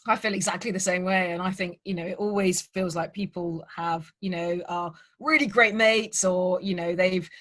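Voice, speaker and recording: A woman's voice: lowish voice, fairly even intonation, normal speed, hardly any pauses, fairly bright tone. A woman hosting a writers' panel over a video call, telling anecdotes in a chatty style with many fillers and frequent laughter. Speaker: crime writer and panel host. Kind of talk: casual panel chat.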